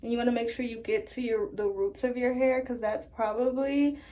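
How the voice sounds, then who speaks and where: Woman vlogger, relaxed and chatty, talking to her viewers, a bit higher pitched. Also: brisk. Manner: chatty, addresses viewers as you guys. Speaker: hair care vlogger. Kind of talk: casual tutorial talk to camera.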